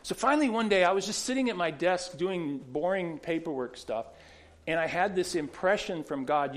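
A man's voice: sits high, lively intonation, moderate pace. A man pastor preaching a sermon, telling stories conversationally with many restarts and repeated words.

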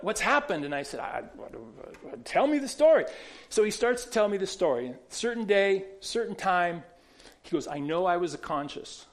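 A man pastor preaching a sermon, telling stories conversationally with many restarts and repeated words. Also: high voice.

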